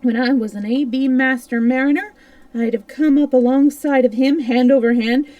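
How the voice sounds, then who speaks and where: A woman reading aloud and voicing a gruff one-legged male pirate cook who talks in loud, excitable bursts. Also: sits high, moderate pace, no echo, distant mic, muffled recording, natural voice. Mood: wheedling.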